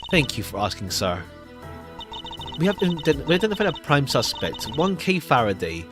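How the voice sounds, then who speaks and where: A man voicing a formal, polite young woman investigator who speaks briskly, over background music. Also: on the high side, sing-song.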